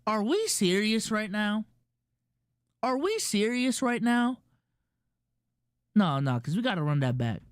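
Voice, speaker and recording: A woman's voice: mid-range voice, big pitch swings, a little slow, pauses often, clear, resonant tone, no room sound, studio quality. A woman streamer reacting to clips live, incredulous and firing off rhetorical questions at her chat. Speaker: streamer host.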